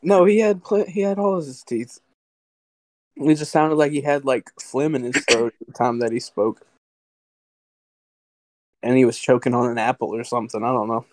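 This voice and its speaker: A man's voice: mid-range voice, moderate pace, pauses often, darkish tone, rough recording. A man in casual podcast chat, telling a story in a laid-back way with casual swearing.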